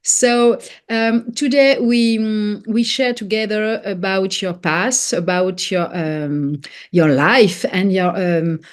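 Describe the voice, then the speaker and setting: A woman with a French accent hosting a podcast interview, speaking hesitantly with many pauses as she searches for her words. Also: mid-range voice, steady tone. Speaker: podcast host.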